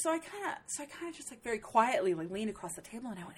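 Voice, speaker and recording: A middle-aged woman telling a story in casual chat, animated and profane, jumping into a higher voice when she quotes people. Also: fast, hardly any pauses, a little hiss or hum.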